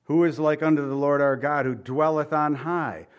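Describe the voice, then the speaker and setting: A man preaching a sermon, his voice sitting a touch higher than most men's. He swings between reading scripture aloud and animated, chuckling asides to the congregation. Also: moderate pace, smooth, highs cut off. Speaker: pastor.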